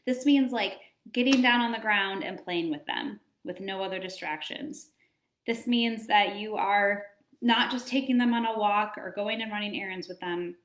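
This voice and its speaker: A woman in her thirties giving casual parenting advice as a coach, chatty and animated, acting out little scenes as she talks. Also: medium pitch, normal speed, reverberant. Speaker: wellness coach.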